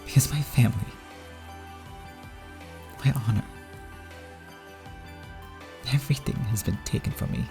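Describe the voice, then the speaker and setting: A man's voice: medium pitch, brisk, creaky, music in the background, pitched above the performer's own voice, lightly acted. A man reading aloud as a proud middle-aged woman, bitter and anguished, accusing and then pleading. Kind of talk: reading a visual novel aloud.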